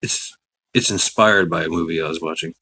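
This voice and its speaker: A middle-aged man hosting a casual livestream, rambling with many fillers, greeting chatters by name and breaking into excited shouts. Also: on the low side, brisk, vocal fry, slightly rough. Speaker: livestream host.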